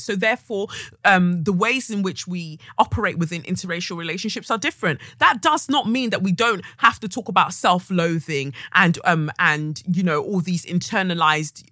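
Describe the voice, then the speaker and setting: A woman hosts a podcast, venting in an impassioned, profanity-laced monologue. Her voice is bright and sharp-edged. The sound is dry and close, with no room echo. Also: mid-range voice. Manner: heated, ranting, heavy swearing. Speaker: podcast host. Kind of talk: casual monologue.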